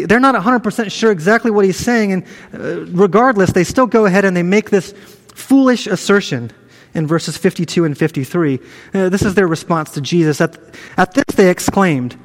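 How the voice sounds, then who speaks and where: A high-pitched man preaching in an earnest, conversational way, often repeating a word as he restarts. His voice rings out with a long reverb, as in a large hall. He sounds like a pastor talking his congregation through a passage. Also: animated, moderate pace. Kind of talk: sermon.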